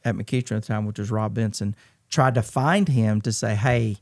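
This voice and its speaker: A middle-aged man from Georgia in the US, telling his story as a podcast guest in an earnest, halting way with many restarts. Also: lowish voice, darkish tone. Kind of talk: candid conversational storytelling.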